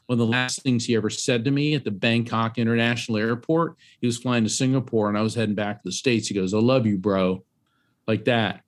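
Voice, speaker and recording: Middle-aged man, medium and author, lively storyteller, mid-pitched voice, acts out voices. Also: quick pace, few pauses. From Central Florida. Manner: animated storyteller, acts out voices and raises his pitch sharply. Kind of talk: storytelling interview guest.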